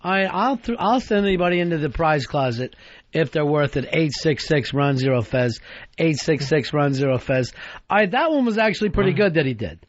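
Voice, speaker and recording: A man's voice: on the high side, lively intonation, normal speed, dry recording. A man hosting a talk radio show, teasing his co-host in casual banter. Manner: teasing, dry. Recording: dull lo-fi radio broadcast.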